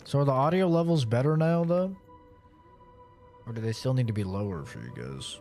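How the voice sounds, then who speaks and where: A man's voice: medium pitch, lively intonation, normal speed, darkish tone, soft background music. Sarcastic, swearing young male streamer. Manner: sarcastic, profane, chatty. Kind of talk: casual gaming commentary.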